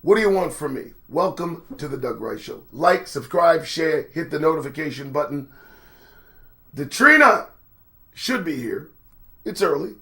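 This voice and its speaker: A man's voice: a little high, very animated, measured pace, bright, forceful tone. A middle-aged man hosting a live-stream commentary show, rambling and profane, greeting chat viewers by name. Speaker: host.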